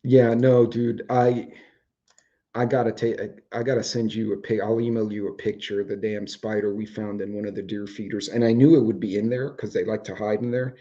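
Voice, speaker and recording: A man's voice: on the low side, flat delivery, fairly quick, mellow, highs cut off. A man, hosting a casual chat show from home, rambling and swearing offhandedly, his voice starting to go. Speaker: host. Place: home, indoors with dogs.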